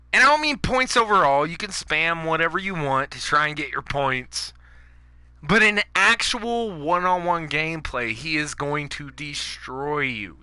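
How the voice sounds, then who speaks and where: A man's voice: on the high side, sharp tone, dry recording. A man giving angry, profane commentary over his own gameplay, ranting at the audience. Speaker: gaming YouTuber.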